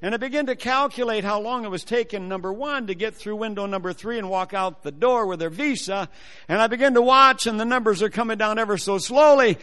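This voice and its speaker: A man telling a personal testimony as a sermon, animated and acting out the voices of the people in his story. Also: sits high, fairly quick.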